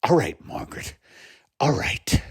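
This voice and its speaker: A hoarse man playing an anxious, pleading middle-aged husband in a comedy sketch, with a gravelly voice. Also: a little slow, lightly acted. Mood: weary, anxious. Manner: weary, pleading, frets aloud. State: hoarse from bronchitis.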